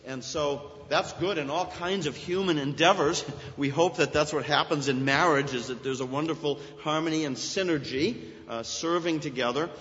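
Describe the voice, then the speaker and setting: A man's voice: a little high, normal speed, hardly any pauses, a bit bright. A man preaching a sermon as pastor, explaining scripture earnestly and pressing his key points with rising emphasis. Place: church sanctuary. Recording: dull sound with long church reverb.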